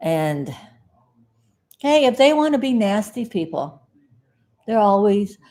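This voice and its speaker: A South Florida woman vlogs casually to the camera in a folksy, rambling way, her medium-pitched voice very animated but slow. She breaks into sudden loud outbursts, then sheepishly apologizes, and she keeps talking aside to her dog.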